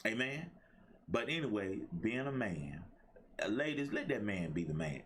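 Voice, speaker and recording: A man's voice: on the low side, big pitch swings, normal speed, fairly bright tone. A middle-aged man hosting a motivational livestream, talking in a preachy call-and-response style. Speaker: host and life coach.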